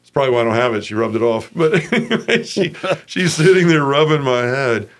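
A man's voice: mid-range voice, animated, a little fast. A man in his forties from Memphis, giving a frank, casual personal testimony as an interview guest.

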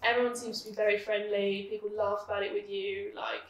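A young woman from England, an architecture student, chatting casually and telling quick stories in a group. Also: medium pitch, little pitch movement, roomy sound, distant mic, muffled recording. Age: young adult.

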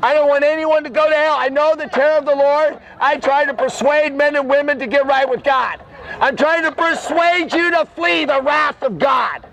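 Older guy street preaching, real high voice, fervent and scolding, yells a lot. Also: normal speed, creaky, poor audio. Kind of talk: open-air preaching. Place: city street outdoors.

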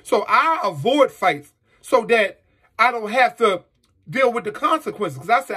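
High, raspy, heated man ranting. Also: sing-song, a little slow, sharp tone. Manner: heated, profane, rhetorical questions. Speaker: vlogger. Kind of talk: angry monologue to camera.

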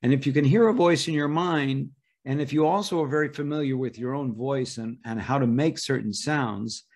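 A man's voice: medium pitch, normal speed, a little mellow. A middle-aged man, a voice impressionist, answering interview questions thoughtfully and at length, with small restarts. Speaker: voice impressionist guest.

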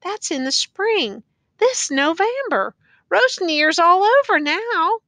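Woman voicing a grieving old woman, pleading, tearful, drawn-out lines, high bright tone. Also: big pitch swings, no echo, clean studio sound, heavily acted. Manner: slow, drawn-out pleading with rising high pitch.

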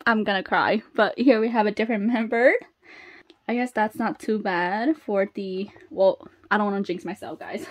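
A woman chatting casually as she unboxes, excitable and gasping at each reveal, then dropping to soft murmurs in between. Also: mid-range voice, normal speed. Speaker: unboxing vlogger.

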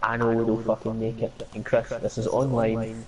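A man's voice: on the low side, monotone, normal speed, a loud crowd, low-quality recording. A man chatting casually and crudely while streaming a game, swearing and joking. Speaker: live-stream gamer. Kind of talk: casual gaming chat.

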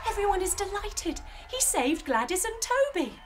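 A woman telling a guided yoga story for children, playful and animated with sound effects. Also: very high voice, normal speed, very noisy. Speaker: kids' yoga instructor and storyteller.

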